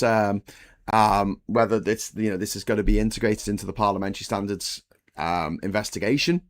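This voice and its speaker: A middle-aged man from the UK runs a casual political live stream. He talks in a blunt, sweary, rambling way, full of "uh" and "um". His voice sits at an average male pitch. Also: fairly bright tone.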